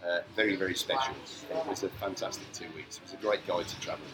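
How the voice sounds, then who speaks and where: A man's voice: deep voice, expressive, quick pace, over music, low-quality recording. A man from Scotland, a podcast guest talking casually and earnestly in a cafe, with many hesitant fillers. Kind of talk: casual interview.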